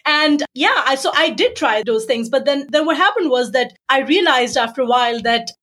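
Woman, South Asian accent, high voice, brash and joking, interview guest. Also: normal speed, poor audio. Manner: brash, joking, animated storyteller. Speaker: guest, business coach. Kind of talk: casual interview talk.

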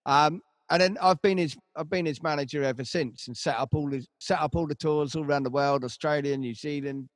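A man's voice: fairly high pitch, dry recording, clean studio sound. Swearing man telling stories. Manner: rambling storytelling, heavy swearing, frequent restarts. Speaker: band manager and musician. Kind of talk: casual conversation.

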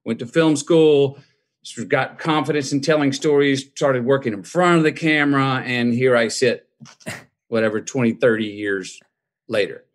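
Medium pitch, fairly even intonation and normal speed mark this man's voice. In his fifties and appearing as a guest, he recounts a personal story in a folksy, reflective, conversational manner, voicing the dialogue he quotes.

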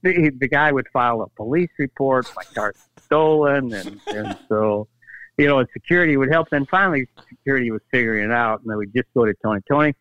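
An older man, a guest, telling stories in a casual interview, acting out quotes with halting restarts. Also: medium pitch, dry recording, muffled recording. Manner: animated anecdotes, acts out quotes, halting restarts. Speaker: guest storyteller, former team executive.

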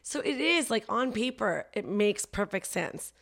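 A woman comedian chatting as a podcast guest, self-deprecating and quick to laugh, with a dry, coughing throat. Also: medium pitch, animated, vocal fry, a bit bright. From Canada. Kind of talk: casual podcast chat.

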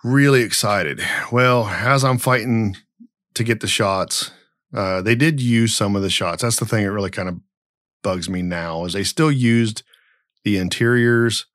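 Podcast host, middle-aged man, lowish voice, dry close sound, rambling and blunt. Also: measured pace, a bit bright, no room sound. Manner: rambling storyteller, blunt and profane. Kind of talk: casual podcast chat.

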